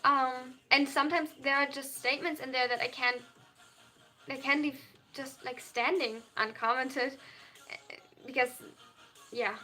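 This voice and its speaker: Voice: high voice, fairly even intonation, a little slow, long pauses, pushed and bright, faint music behind. A young adult non-binary streamer with a German accent, earnestly reading out chat messages and answering them at length on a live stream. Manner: earnest, reads chat aloud and replies at length.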